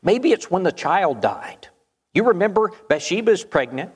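Male preacher, raised pitch, storytelling sermon, long reverb tail. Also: very animated, moderate pace, breathy edge. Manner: storytelling with rhetorical questions.

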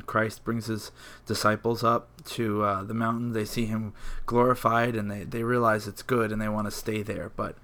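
A man working as a high school campus minister, chatting on a podcast in a halting way with many fillers. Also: pushed and bright. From New York area. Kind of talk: casual podcast chat.

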